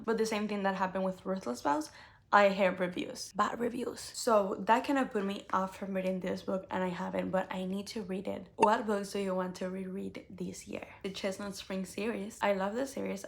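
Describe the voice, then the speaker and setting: Gushing young woman with a gravelly edge. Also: medium pitch. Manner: gushing, animated, with many "like" fillers. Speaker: book vlogger. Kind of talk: casual book tag chat.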